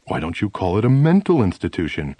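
A man reading the lines of a smiling male army psychiatrist who asks questions in a cheerful, then low and serious tone. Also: wildly swooping pitch, fairly quick, warm tone, no echo. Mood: probing.

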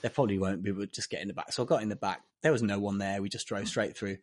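A man's voice: on the low side, steady tone, rapid-fire. A man telling a story in casual chat, animatedly acting out the lines of the people in it.

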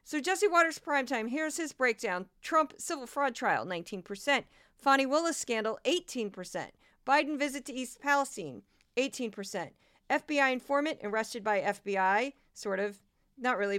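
A woman's voice: a little high, a bit bright, clean tone, dry recording, studio quality. Exasperated sarcastic woman podcaster. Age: 40s. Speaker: podcast host. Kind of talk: casual commentary on news clips.

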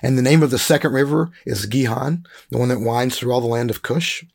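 A man with a husky, gravelly voice teaching a Bible lesson. He reads scripture passages slowly and carefully, then explains them in a relaxed, conversational way with plenty of fillers. His pitch sits in an ordinary middle range.

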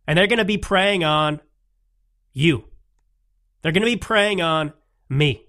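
Young male podcast host, bright slightly high voice, rambling emphatic monologue. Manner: rambling, emphatic, with restarts and asides. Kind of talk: casual political commentary monologue.

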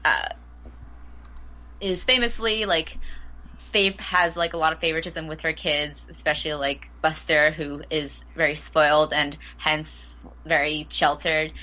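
A woman with a lowish but bright, forceful voice chats casually on a panel. Her audio sounds slightly muffled, and she uses "like" a lot. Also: unhurried. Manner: upbeat, frequent "like". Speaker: podcast panelist. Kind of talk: casual chat.

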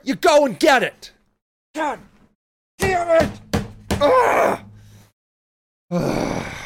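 A woman hosting a solo podcast, ranting angrily and full of profanity, with bursts of shouting. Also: fairly high pitch. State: angry. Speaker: podcast host.

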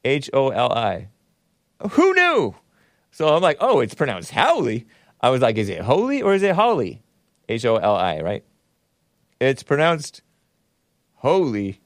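A man's voice: mid-range voice, sing-song, moderate pace, dry recording, studio quality. A man hosting a casual solo talk show, rambling sardonically, laughing at his own jokes and spelling words out letter by letter. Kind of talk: casual solo commentary reading super chats.

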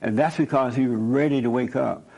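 Gravelly-voiced preachy male talk host. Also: medium pitch, fairly quick, a little mellow, lo-fi sound. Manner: emphatic, repeats points, chuckles while telling stories.

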